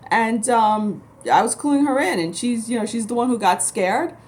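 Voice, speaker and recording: A woman's voice: on the high side, moderate pace, a little mellow. A woman from New York City, a spiritual vlogger who talks to camera in a blunt, emphatic, rambling way. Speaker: spiritual vlogger and Reiki practitioner. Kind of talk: casual rambling monologue to camera.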